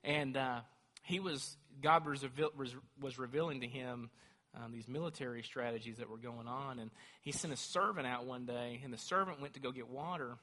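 Fervent preacher in a reverberant hall. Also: male voice, mid-range voice, moderate pace, pushed and bright. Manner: fervent preaching, rising to emphatic declarations. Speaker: pastor. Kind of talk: sermon.

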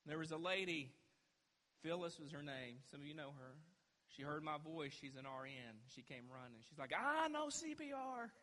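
A young adult man preaching a sermon as pastor, impassioned, swinging between hushed moments and shouts. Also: on the high side, steady tone, moderate pace, long reverb tail.

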